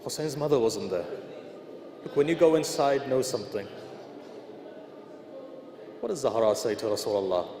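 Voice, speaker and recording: A man's voice: mid-range voice, normal speed, pauses often, dark tone. A male preacher telling traditions in an emotional sermon, speaking straight to his listeners and voicing the people in the stories. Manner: addresses listeners directly, retells traditions with quoted dialogue. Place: large indoor shrine hall. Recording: roomy hall echo, background noise.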